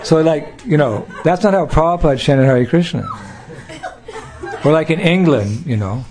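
A man's voice: a little high, animated, normal speed, a little mellow. An older American man giving a devotional talk, playful, acting out little scenes and laughing along. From United States. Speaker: spiritual teacher.

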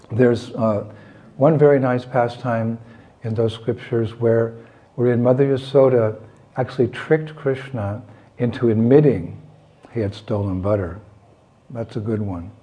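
Slow, mellow man telling a devotional story. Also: mid-range voice. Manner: measured, acts out the characters. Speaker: devotional speaker.

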